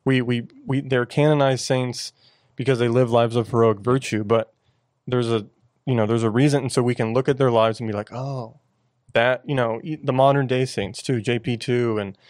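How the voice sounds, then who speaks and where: A man's voice: mid-range voice, a little mellow, no echo. Earnest man talking about his faith. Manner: earnest, halting with many restarts. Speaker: podcast co-host. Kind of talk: casual faith discussion.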